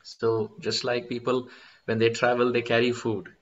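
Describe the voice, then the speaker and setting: A man delivers a devotional lecture, moving between plain explanation and expressive chanted verses. His voice sits in a middle pitch. The recording is somewhat dull and lo-fi. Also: normal speed. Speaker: spiritual teacher.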